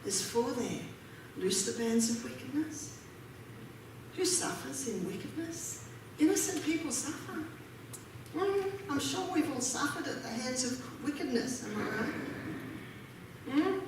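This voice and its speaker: A woman with a high voice preaches a sermon, working through scripture and turning to her listeners with rhetorical questions. She speaks slowly and deliberately. Her voice is captured from a distance in a very reverberant hall, with faint noise behind it. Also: animated. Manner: asks the audience rhetorical questions. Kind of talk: sermon reading and explaining scripture.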